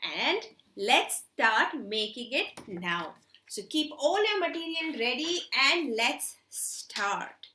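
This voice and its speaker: A woman's voice: sits high, sing-song, slow pace, sharp tone, slight background noise. A woman teaching a children's hobby class, telling a story and then leading a craft, coaxing the kids with questions. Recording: roomy echo.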